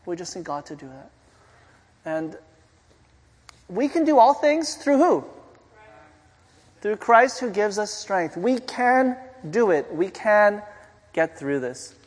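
A man with a high voice preaching a sermon in a church hall, where a long reverb trails after each phrase. He talks to the congregation conversationally and keeps asking them rhetorical questions. His tone is earnest and plain rather than pompous. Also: animated, takes it slowly, pauses often, slightly rough.

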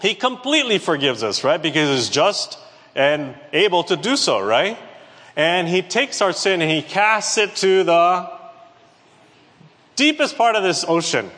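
A man delivers a lively sermon from the pulpit, often turning to question the congregation. His voice sits a little high, and it rings out with the long reverb of a church hall. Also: unhurried. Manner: animated, asks the congregation questions. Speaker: preacher.

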